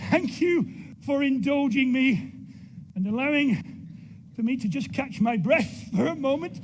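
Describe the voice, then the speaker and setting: A British man speaking at a graduation ceremony, with animated, playful jokes and measured oratory, into a podium microphone in a large hall. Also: very high-pitched.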